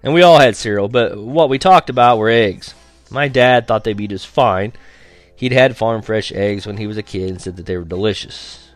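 Lively wry male narrator. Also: on the low side, moderate pace, no echo, faint music behind. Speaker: audiobook narrator. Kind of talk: first-person story reading.

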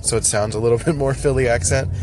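A man's voice: medium pitch, steady tone, fast talker. A young man from Northeast Philadelphia with a mild Philly accent, rambling through a casual solo rant with frequent restarts and laughs. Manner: rambling, self-interrupting, laughs often. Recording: loud street and car noise.

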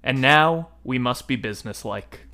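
A man voicing a lonely, noble ancient male star-dog while reading a book passage aloud in a measured, grave way. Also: mid-range voice, lively intonation, a crowd in the background, lightly acted. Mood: wistful.

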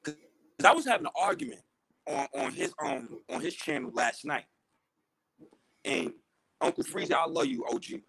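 A man's voice: normal speed, long pauses, a little hiss or hum, low-quality recording. A man co-hosting a casual sports podcast, talking in a heated, joking way. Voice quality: gravelly, husky. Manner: animated, jumping pitch, heated and joking. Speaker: podcast co-host.

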